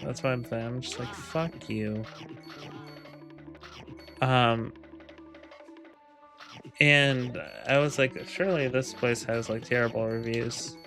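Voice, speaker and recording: A man's voice: medium pitch, fairly even intonation, a little slow, pauses often, fairly bright tone, faint music behind. A man casually telling a rambling, profane story, full of ums, laughs and quoted lines. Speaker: gaming video creator. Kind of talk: casual storytelling over gameplay.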